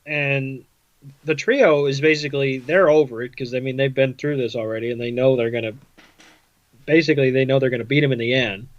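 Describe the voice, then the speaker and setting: A man's voice: medium pitch, fairly even intonation, brisk, muffled recording. Laid-back man recapping a cartoon. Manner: laid-back storytelling with fillers. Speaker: podcast co-host. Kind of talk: casual episode recap chat.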